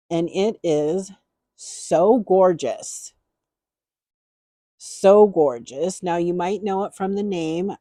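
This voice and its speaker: Low-voiced chatty middle-aged woman. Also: dark tone, dry recording. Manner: rambling, enthusiastic, repeats herself. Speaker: beauty haul vlogger. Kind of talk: casual chatty haul review.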